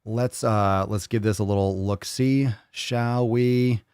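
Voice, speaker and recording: A man's voice: fairly low pitch, steady tone, takes it slowly, a little mellow, smooth, no echo, studio quality. A man hosting a fitness livestream in casual chat, playful and loose, swearing and repeating phrases in a sing-song way. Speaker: fitness show host.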